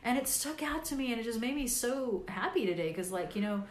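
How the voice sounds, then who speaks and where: A woman's voice: fairly high pitch, animated, a little fast, roomy sound, a little hiss or hum. A woman with grandchildren, tired, chatting in a casual live video and giving a rambling, encouraging pep talk full of fillers. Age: older. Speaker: vlogger and podcast host.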